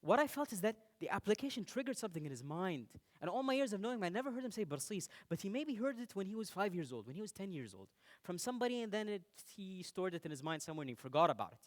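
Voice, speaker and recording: Young man, high lively voice, from the Emirates, playful stage talk, speaks straight to the crowd. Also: quick pace. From United Arab Emirates. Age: young adult. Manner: animated, playful, addresses the audience directly. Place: stage before an audience.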